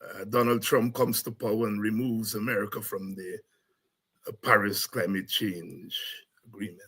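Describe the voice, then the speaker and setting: A man hosting a talk show who breaks into excited shouts and scatting between serious comments. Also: lowish voice, moderate pace, husky. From Caribbean. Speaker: host and lecturer.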